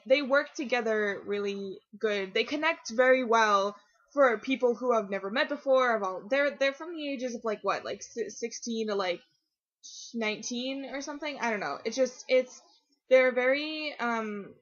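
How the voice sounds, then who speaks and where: Excitable teen girl vlogging, lo-fi sound. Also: on the high side. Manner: rambling, excitable, many fillers and restarts. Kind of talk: casual chat to camera. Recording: dull lo-fi webcam audio.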